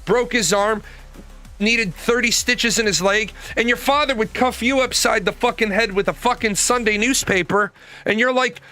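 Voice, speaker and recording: A man in his forties talks on a live stream in a loose, profane rant, full of stories. His voice sits high and bright, and faint music plays behind him. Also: moderate pace. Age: 40s. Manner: profane, animated storytelling. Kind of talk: ranting casual talk.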